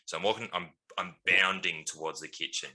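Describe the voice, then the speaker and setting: A low-pitched man with a bright, forceful tone, co-hosting a casual podcast. He rambles through a story with frequent ums and laughs, talking like he's among mates. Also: a little fast. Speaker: podcast co-host.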